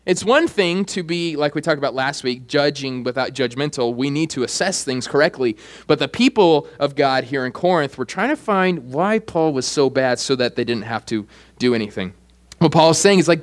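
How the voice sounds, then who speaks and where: A young man preaching a sermon as pastor, animated and joking, acting out quoted voices. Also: on the high side, normal speed. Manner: animated preaching, acts out voices, jokey asides.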